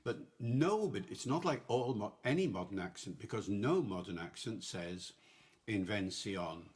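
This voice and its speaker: A man's voice: lowish voice, expressive, moderate pace, darkish tone, slightly rough. An older man as a language professor guest, explaining patiently in a podcast discussion.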